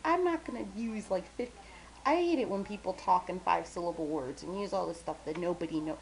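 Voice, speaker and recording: A young adult woman with a lowish, brisk voice vlogs casually on a rough recording. Chatty and self-deprecating, she rambles full of fillers, mumbles now and then, and quotes friends in bright, squealy voices.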